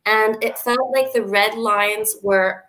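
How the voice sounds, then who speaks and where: Canadian woman, relaxed lesson co-host, slow delivery, a bit high, giggly. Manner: easygoing, laughs often, thinks aloud with restarts. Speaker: English teacher co-hosting a livestream. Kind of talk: friendly live online lesson chat.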